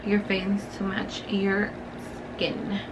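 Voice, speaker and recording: A woman's voice: medium pitch, completely flat delivery, slow, background noise. A young woman, telling a story in casual, profane, filler-heavy talk while doing her makeup on camera. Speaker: beauty vlogger.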